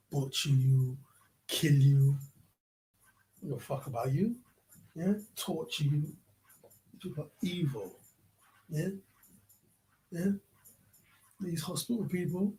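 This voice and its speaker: A man's voice: on the high side, mellow, poor audio. A man ranting in a vlog, profane and prodding the listener with repeated questions. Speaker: vlogger. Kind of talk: ranting commentary.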